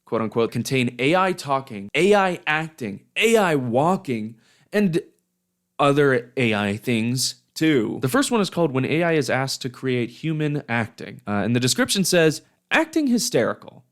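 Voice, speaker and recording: A man's voice: mid-range voice, normal speed. A young man giving profane, sarcastic comedic reaction commentary on videos. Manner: sarcastic, animated, swears a lot. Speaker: YouTube commentator.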